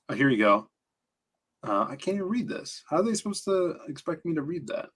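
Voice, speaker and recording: Slightly hoarse man chatting casually. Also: on the high side, very animated, a little fast, a bit bright. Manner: rambling, flipping through comics and commenting. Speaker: co-host of a comics talk stream. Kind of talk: casual chat.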